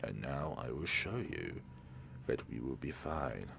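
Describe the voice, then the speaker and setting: A man voicing an eerily calm male student in a horror game. He speaks his lines in a low, subdued voice. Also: unhurried, creaky, background noise, full character voice.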